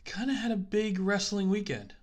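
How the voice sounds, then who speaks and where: A man co-hosting a podcast in casual chat, easygoing, halting with fillers and laughing often. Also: high-pitched, lively intonation. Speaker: podcast co-host.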